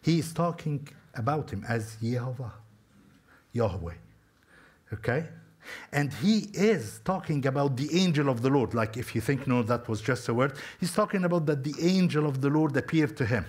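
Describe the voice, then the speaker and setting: A man's voice: medium pitch, animated, moderate pace, a little mellow, husky. A man preaching a sermon, telling a story conversationally and talking straight to his listeners. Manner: storytelling, talks to listeners directly.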